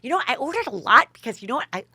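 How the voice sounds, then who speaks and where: A woman doing an impression of a scatterbrained rich woman who rambles fast and breathless. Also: sits high, big pitch swings, sharp tone, breathy edge, no echo, pitched above the performer's own voice, exaggerated voice. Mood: giddy.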